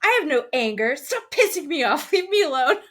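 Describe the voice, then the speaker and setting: A woman imitating a hot-tempered man yelling indignantly. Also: high-pitched, sing-song, fast, pitched above the performer's own voice. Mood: indignant shouting. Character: furious shouting man, defensive and hot-tempered.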